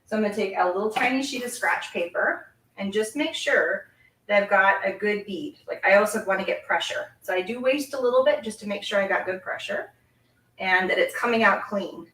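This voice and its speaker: Giggly, chatty Canadian-born craft host. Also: female voice, medium pitch, a little fast, a bit bright. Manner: chatty, giggly, talks while working. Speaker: card-making host. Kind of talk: casual live craft demonstration. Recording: echoey room, mic set at a distance.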